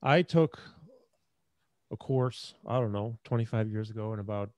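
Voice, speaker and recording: A man's voice: fairly low pitch, moderate pace, darkish tone, no echo. A middle-aged man hosting an interview, chatty and prone to digressions. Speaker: podcast host. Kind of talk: casual interview talk.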